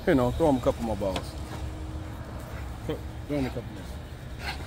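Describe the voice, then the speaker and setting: A man's voice: medium pitch, expressive, moderate pace, background noise. A man, a kennel owner giving his dogs short commands in a casual outdoor vlog. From Arkansas, US. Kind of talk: casual dog-training vlog.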